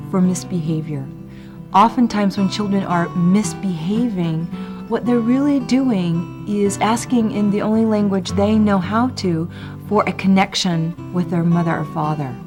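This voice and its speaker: A middle-aged woman speaking calmly to camera about parenting, measured with small fillers. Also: medium pitch. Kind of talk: interview to camera. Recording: guitar music underneath.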